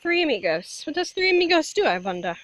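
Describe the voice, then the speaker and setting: A high-pitched woman narrates casually to the camera and chats to a baby while filming. Her bright voice moves up and down a lot. She was recorded close and dry on a phone outside at night. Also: sing-song, fast, no room sound. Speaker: vlogger filming. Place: backyard at night, outdoors.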